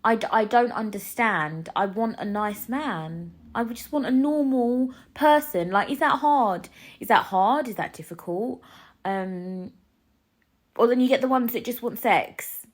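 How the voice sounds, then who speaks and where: A woman, hosting a casual solo podcast and ranting in an animated, jokey way, swinging between loud and quiet. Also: fairly high pitch, a little slow. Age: 20s. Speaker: podcast host.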